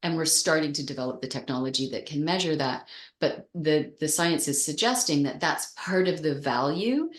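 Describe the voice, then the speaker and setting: A woman's voice: deep voice, normal speed, roomy sound. A woman teacher explaining bone health in an interview, thoughtful and searching for words with frequent restarts. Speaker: osteoporosis exercise teacher.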